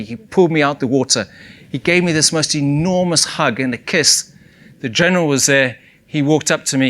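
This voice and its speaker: A man's voice: medium pitch, fairly bright tone. A man giving an inspirational talk to an audience, telling a story with vivid acted-out dialogue at a stage microphone. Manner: vivid storytelling, voicing others in quoted dialogue. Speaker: keynote speaker.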